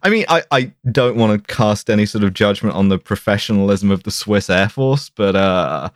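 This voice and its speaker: A man's voice: lowish voice, moderate pace, no room sound, studio quality. A man co-hosting a podcast, retelling a film in casual, swearing chat. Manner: animated storytelling, swears freely. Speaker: podcast co-host.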